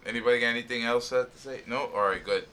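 Bright-voiced opinionated man hosting. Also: medium pitch, quick pace, a little hiss or hum. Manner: opinionated, emphatic, profane. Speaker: podcast host. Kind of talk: casual wrestling chat.

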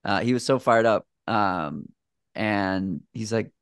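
A man's voice: on the low side, slow pace, clear, resonant tone, no room sound, studio quality. A man talking as a podcast guest in easygoing, rambling casual conversation with plenty of fillers. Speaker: podcast guest, shoe reviewer.

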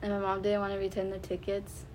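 A woman's voice: mid-range voice, completely flat delivery, fast, a little mellow, slight background noise. A young woman co-hosting a podcast in casual chat, telling her stories by quoting what others said. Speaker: podcast co-host.

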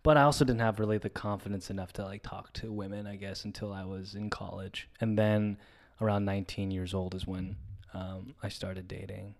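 A young man co-hosting a comedy podcast, telling a story in a lively way, acting out quotes and often restarting his sentences. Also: on the low side, brisk, gravelly. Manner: animated, acts out quotes, many restarts. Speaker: podcast co-host. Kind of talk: casual storytelling chat.

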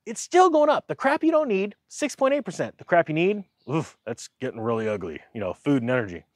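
A man's voice: on the high side, lively intonation, fairly quick, dry recording, studio quality. A man giving a casual, sarcastic rant about the economy, mocking others in silly voices. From United States. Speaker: finance commentator.

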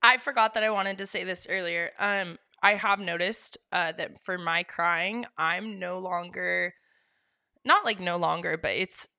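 A woman co-hosts a casual podcast and speaks in an earnest, reflective way. Her voice sits a bit low but sounds bright and forceful, and the recording is dry and close. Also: measured pace, dry recording. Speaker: podcast co-host. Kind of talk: casual chat.

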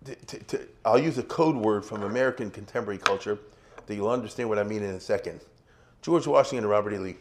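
A man's voice: fairly low pitch, quick pace. A man giving an informal, conversational lecture, often turning to his listeners with rhetorical questions.

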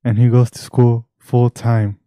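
A man's voice: medium pitch, level tone, a little slow, mellow, dry recording, clean studio sound. A young man co-hosting a podcast, leading the talk in a casual, easygoing way and laughing often. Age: young adult. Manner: leads the topics, laughs easily. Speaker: podcast co-host. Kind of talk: casual chat.

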